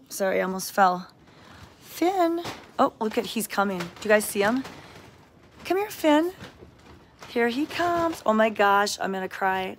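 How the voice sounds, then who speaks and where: Slow, chatty woman greeting livestream viewers. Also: medium pitch, animated, a little hiss or hum. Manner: chatty, greets viewers by name and coos at cats. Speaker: cat sanctuary worker hosting a livestream. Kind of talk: casual livestream chat. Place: indoor cat sanctuary.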